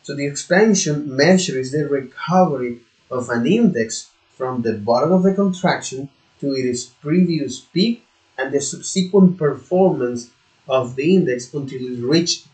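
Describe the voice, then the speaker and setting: A man who is not a native English speaker, studying out loud on his own, halting and repeating words, now and then swearing in frustration. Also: medium pitch. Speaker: self-taught learner. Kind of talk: thinking aloud while studying. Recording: echoey room.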